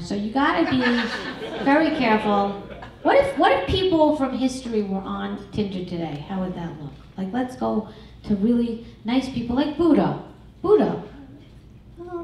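A middle-aged woman performing a stand-up comedy set, crude and brash with a deadpan, self-mocking delivery. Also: mid-range voice. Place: comedy club stage. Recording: echoey club recorded from far off.

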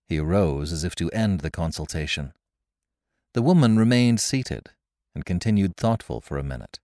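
A man narrating a classic story in a measured, expressive way, recorded close on a studio mic. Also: low voice, no room sound. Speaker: narrator and podcast host.

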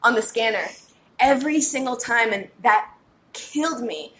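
A woman with a fairly high voice tells stories in casual chat, blunt and animated. She swears freely. A faint ambient hiss sits under her voice. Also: moderate pace. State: buzzing on caffeine. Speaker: podcast guest. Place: New York.

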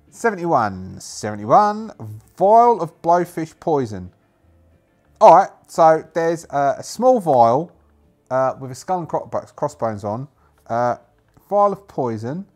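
A man's voice: on the high side, big pitch swings, slow, pauses often, a little mellow, faint music behind. A man narrating a solo tabletop game, thinking aloud and rambling with many fillers.

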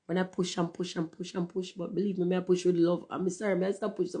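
A woman's voice: level tone, a little fast, slightly rough. A woman talking candidly to her viewers in a casual livestream monologue, cursing freely and slipping into patois. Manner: candid, profane, swings between loud emphasis and low murmurs; drifts into patois phrasing. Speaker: channel host.

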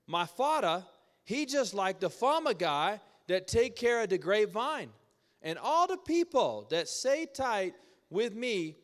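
A laid-back man talking in Hawaiian Pidgin, as a pastor puts it on, pitched a little higher than his usual voice and easygoing. The reading is folksy and playful. It rings with the long echo of a church hall. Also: fairly bright tone, exaggerated voice.

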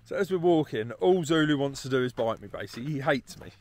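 A man's voice: medium pitch, expressive, fast. A young man from England with an English accent, talking casually and laughing often as he speaks straight to his viewers. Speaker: travel vlogger. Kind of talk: casual vlog chat.

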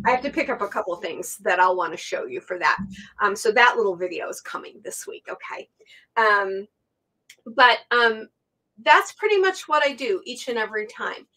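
A woman's voice: mid-range voice, normal speed, sharp tone, dry recording. A woman hosting a casual quilting tutorial, chatty, with many ums and self-corrections, recorded at her sewing table. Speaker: quilting instructor, channel host.

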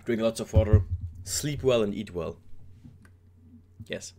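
A man's voice: lowish voice, measured pace, noisy background. A man giving casual reaction commentary, rambling and joking as he talks straight to his viewers. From Germany. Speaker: K-pop reaction YouTuber.

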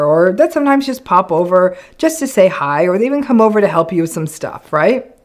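A woman's voice: lowish voice, very animated, fairly quick. A middle-aged woman psychologist hosting her own channel, explaining relationship patterns in a frank, conversational way and acting out quoted lines. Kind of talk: direct-to-camera explainer talk.

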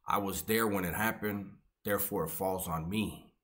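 A man's voice: low-pitched, steady tone, normal speed, fairly bright tone. A man voicing a humble, hard-nosed male convict who talks bluntly and firmly, close to his own voice. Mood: resolute. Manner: blunt, firm.

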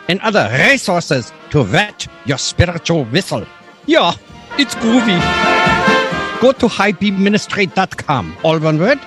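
A man's voice: high voice, exaggerated voice. A man voicing a playful German-accented announcer reading a podcast promo over music. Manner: playful, hammy. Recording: soft music behind.

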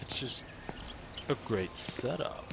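A let's play host explores a game, musing aloud, chatting and joking to himself in casual gameplay commentary. His medium-pitched voice is expressive, slow and creaky, with background noise present.

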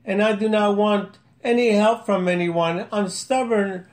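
A man's voice: sits high, steady tone, unhurried. A man reading out his own humorous poem, chuckling and amused at himself. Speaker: amateur poet. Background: faint music.

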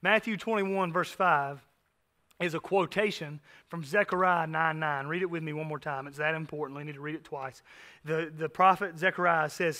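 Bright, high-voiced preaching man. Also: normal speed. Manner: emphatic, earnest preaching with direct asides to the congregation. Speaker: pastor. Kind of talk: sermon.

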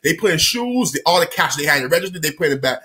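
A young man tells a story to camera in a high, very lively voice. He is slangy and swears freely. His voice is bright and full of energy, and he acts out the other people's lines himself. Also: rapid-fire. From Miami, Florida. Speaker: storytime vlogger.

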